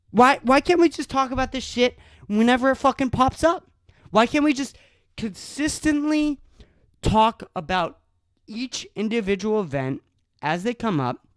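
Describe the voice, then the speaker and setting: A man rants alone on his podcast, angry and foul-mouthed, tripping over his own restarts. His pitch swings widely as he talks. The sound is dry and close, with no room around it. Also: no echo. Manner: angry, profane ranting with stammered restarts. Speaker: podcast host. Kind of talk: solo podcast rant.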